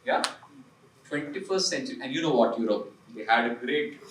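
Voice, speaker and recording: A man's voice: mid-range voice, lively intonation, moderate pace, echoey room, recorded from a distance, a little hiss or hum, poor audio. A man who leads an investment firm gives a seminar talk in a punchy, conversational way, often throwing rhetorical questions at the audience. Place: seminar room.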